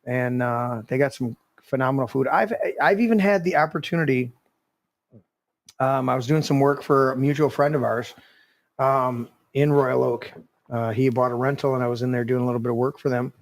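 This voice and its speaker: A man's voice: medium pitch, fairly even intonation, moderate pace. Rambling man telling a casual story. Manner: rambling storyteller, many restarts. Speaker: podcast host. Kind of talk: casual chat.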